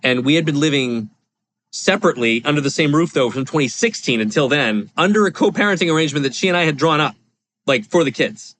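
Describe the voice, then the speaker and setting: A man's voice: fairly high pitch, lively intonation, fast talker, fairly bright tone. Candid middle-aged man telling his story. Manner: rambling, confessional, lots of fillers. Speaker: podcast guest, real estate investor.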